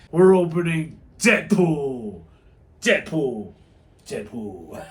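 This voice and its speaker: A man's voice: fairly high pitch, a bit bright, distant mic. A man hosting a casual toy unboxing, joking and teasing his guest, laughing often. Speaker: toy reviewer host. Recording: roomy, from off-mic.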